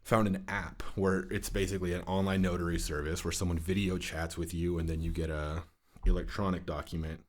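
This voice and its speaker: A man's voice: low voice, little pitch movement, brisk. A young man on a podcast, ranting in casual chat with a lot of swearing and exasperation. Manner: ranting, profane, exasperated storytelling. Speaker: podcast co-host.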